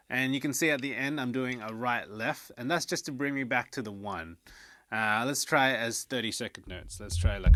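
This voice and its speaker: A man's voice: mid-range voice, normal speed, noisy background. A man teaching a drum lesson, counting out stickings aloud as he explains. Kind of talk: instructional demonstration. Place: drum studio.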